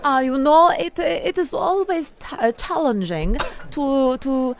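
Woman, high voice, comedy sketch, blunt, hesitant false starts. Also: very animated, a little slow, slight background noise. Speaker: actor answering questions in a comedy sketch.

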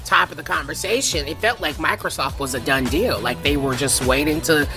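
A woman's voice: sits low, a little fast, over music. A woman co-hosting a news chat show, outspoken and sassy. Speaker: co-host.

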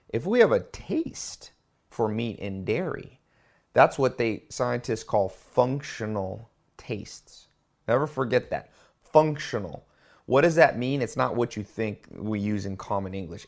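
Male host, lowish voice, emphatic, casual book talk with lots of restarts. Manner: emphatic, stresses key words, restarts often. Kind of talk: casual spoken commentary.

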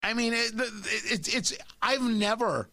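Male talk radio host, animated and opinionated, tight dry studio sound. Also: very high-pitched, unhurried, gravelly, no room sound.

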